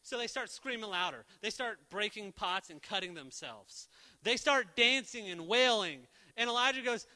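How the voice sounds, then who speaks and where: A young man preaching a casual, joking sermon, telling the story with lively energy and jumping into quick quoted voices for the characters. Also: sits high. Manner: jokey. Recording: long reverb of a church hall.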